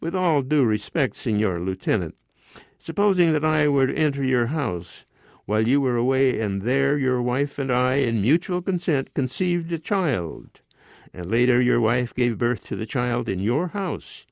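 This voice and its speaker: A proud, stubborn peasant who needles his neighbor with sarcastic questions, as read by a man in his nineties. The voice runs slightly higher than the reader's own, recorded dry and close. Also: animated, a little slow, gravelly, no room sound. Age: 90s. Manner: sarcastic, indignant.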